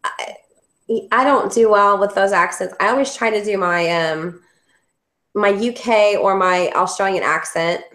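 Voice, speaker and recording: A woman from Kansas City, a guest author, chatting casually and a little haltingly over a video call. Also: medium pitch, a bit bright. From Kansas City, Missouri. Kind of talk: casual chat. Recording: echoey room.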